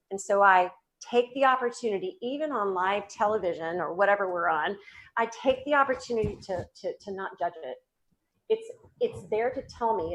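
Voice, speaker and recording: A woman's voice: medium pitch, poor audio. A woman with a Southern US accent, a guest psychic medium speaking earnestly and spiritedly about healing in a casual interview. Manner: earnest, spiritual, animated with restarts.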